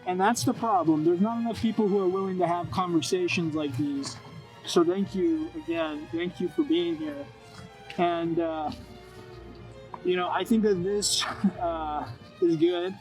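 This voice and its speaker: A man hosting a deadpan mock interview, earnest and halting, rambling with lots of fillers. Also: high-pitched, soft background music, low-quality recording.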